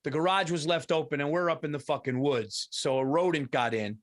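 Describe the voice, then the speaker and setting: Guy podcast cohost, swears a lot, rambly animated storytelling, a bit high pitched. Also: a little fast. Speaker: podcast co-host. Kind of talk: casual storytelling chat.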